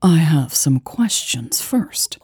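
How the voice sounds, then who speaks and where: A stern, seasoned woman intelligence expert, voiced by the narrator, speaking coolly and firmly. The voice is low and husky and the delivery is slow, heard dry and close as in an audiobook. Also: big pitch swings, a little mellow, dry recording, full character voice. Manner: stern, cool.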